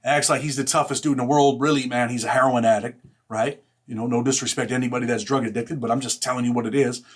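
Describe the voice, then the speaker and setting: Steady in tone and medium in pitch, a man casually shares a personal story in coarse street slang, blunt and profane, stuffing each pause with "man" and "right?".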